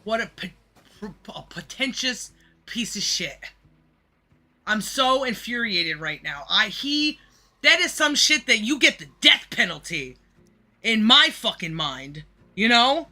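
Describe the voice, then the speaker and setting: Bright-voiced man ranting with profanity. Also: high-pitched, sing-song, a little slow. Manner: angry, mocking, heavy swearing. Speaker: livestreamer reacting to videos. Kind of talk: profane reaction rant.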